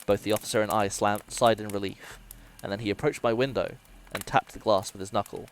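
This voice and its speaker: A man's voice: fairly low pitch, fairly even intonation, a little fast, a little hiss or hum. A man streamer dramatically reading a horror story aloud, sometimes breaking off to swear and joke with his chat.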